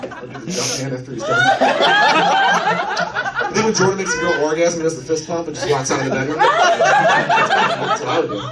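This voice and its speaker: Man doing stand-up, fairly high voice, very animated delivery, brash and profane, roomy club sound heard from a distance, loud crowd laughter. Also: quick pace, long pauses, very noisy. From Chicago. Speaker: stand-up comedian. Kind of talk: stand-up comedy set. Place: comedy club stage. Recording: echoey club recorded from afar. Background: audience laughter.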